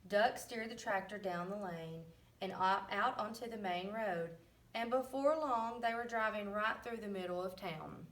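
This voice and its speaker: A woman reading a picture book aloud to children, pausing to ask questions and putting on lively voices for the farm animals. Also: medium pitch, distant mic. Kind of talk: read-aloud storybook with questions.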